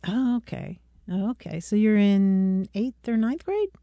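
A woman co-hosting a call-in radio show, her voice mellow and dry at the studio microphone. She greets callers in a friendly way and follows up with questions. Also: mid-range voice, expressive, measured pace, no echo.

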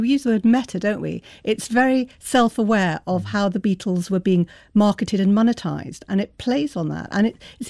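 A woman's voice: mid-range voice, darkish tone, dry recording, clean studio sound. A woman author speaking as a guest in a radio discussion, explaining with enthusiasm. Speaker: author and cultural commentator. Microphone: studio mic.

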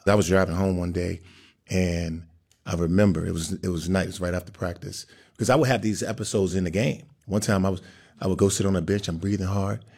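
A man's voice: deep voice, fairly even intonation, fairly quick, gravelly, a little mellow, breathy edge. A man who is a professional football player, speaking candidly as an interview guest and often repeating phrases as he searches for words.

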